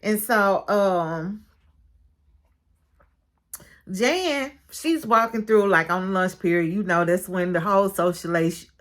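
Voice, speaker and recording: A woman casually recapping a show's episode, chatty and expressive, acting out what each person said. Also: mid-range voice, takes it slowly, pauses often. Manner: chatty and expressive, calls listener "baby"; retells scenes with quoted dialogue. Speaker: show recap reviewer.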